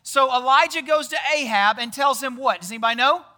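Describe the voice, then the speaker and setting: A man's voice: very high voice, fairly quick, bright, forceful tone. A man giving a casual sermon, chatty and often quizzing the audience with questions. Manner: chatty, often tags lines with "right?". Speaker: pastor.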